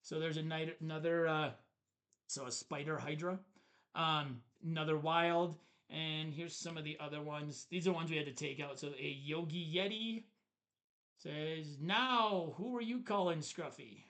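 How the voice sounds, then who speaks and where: A man's voice: a little high, fairly even intonation, a little slow, fairly bright tone. A man co-hosting a board game review, chatting casually as he shows the cards and chuckles at the puns. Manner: chatty, laughs at the card puns. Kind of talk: casual show-and-tell review.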